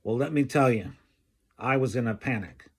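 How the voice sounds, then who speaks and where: A man telling a personal story from his school days, slow and halting, often clearing his throat. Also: mid-range voice. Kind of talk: personal anecdote told slowly.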